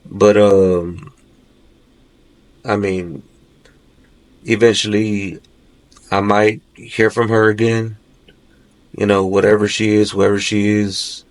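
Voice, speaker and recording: Guy with a lowish voice, rambling through a dream story, says "you know" a ton. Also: flat delivery, slow, long pauses. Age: adult, father of three. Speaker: podcast guest. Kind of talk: recounting a nightmare in conversation.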